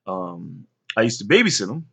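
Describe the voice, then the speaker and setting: A young man casually telling rambling stories to his sons, with many fillers and lively bursts when he quotes others. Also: on the low side, moderate pace, creaky, husky. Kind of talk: casual storytelling to camera.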